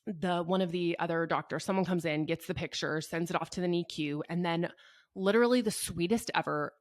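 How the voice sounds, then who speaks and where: A young woman talks through a personal story in an easygoing, earnest voice that sits a little low. Her speech is loose and chatty and full of fillers. The sound is dry and close. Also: fairly quick, no room sound. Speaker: mother telling her birth story. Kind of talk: casual storytelling.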